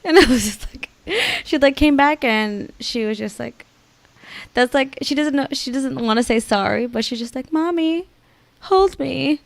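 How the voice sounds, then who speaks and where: A young woman co-hosting a podcast in casual chat, full of "like" and quick laughing asides. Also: fairly high pitch, vocal fry, dry recording. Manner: chatty, lots of "like" and laughing asides. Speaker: podcast co-host.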